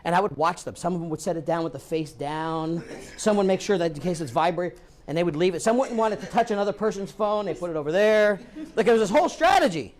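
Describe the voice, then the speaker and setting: A man giving a live training talk to a room of real estate agents, lively, acting out what people say. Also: high-pitched, quick pace.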